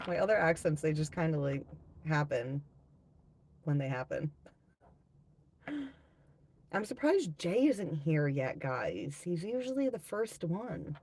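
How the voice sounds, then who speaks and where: A woman's voice: deep voice, expressive, takes it slowly, long pauses, darkish tone. A woman hosting a live tarot-reading stream, chatting casually with viewers, reading out their comments and swearing freely.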